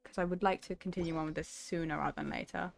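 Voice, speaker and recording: A woman's voice: fairly low pitch, steady tone, fast talker, creaky. A woman streaming a video game, chatting casually and giggling as she thinks aloud into a desk microphone. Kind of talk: casual gaming stream commentary.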